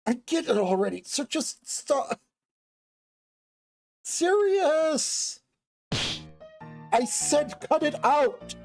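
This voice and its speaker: A gruff young man grumbles with dry irritation, hiding his concern, as a man reads him aloud from a game. His voice is mellow and unhurried. Soft music plays faintly behind. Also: sits high, animated. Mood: irritated. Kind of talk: reading a game's dialogue aloud on stream.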